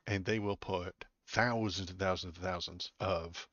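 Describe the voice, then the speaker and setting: A man's voice: low voice, fairly even intonation, a little slow, fairly bright tone, no echo. A man hosting a political livestream, reading news aloud and answering it with sarcastic, rambling commentary full of fillers and restarts. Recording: dull lo-fi, dry.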